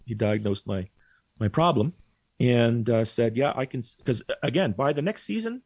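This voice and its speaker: A man on a podcast telling a story casually, with animated delivery and acted-out quotes. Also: mid-range voice, dry recording. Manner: animated, acts out quoted voices. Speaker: podcast guest.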